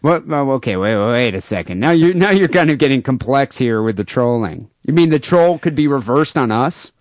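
A man co-hosting a podcast in casual, irreverent chat, animated and often restarting his sentences. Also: mid-range voice, a little fast, no echo, clean studio sound. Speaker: podcast co-host. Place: home studio in LA.

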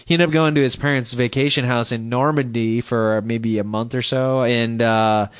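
A man's voice: medium pitch, steady tone, normal speed, clean tone, dry recording. Guy on a podcast reading crime news, rambles and jokes around, dry close sound. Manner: rambling, jokey, reads news aloud with asides. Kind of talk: casual chat.

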